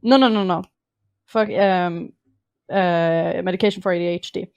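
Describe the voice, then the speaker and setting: A woman's voice: on the low side, fairly even intonation, normal speed, creaky, darkish tone, clear, resonant tone, no room sound, lo-fi sound. A woman whose first language is Norwegian, chatting as a podcast guest, blunt and sarcastic with a lot of swearing. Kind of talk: casual chat.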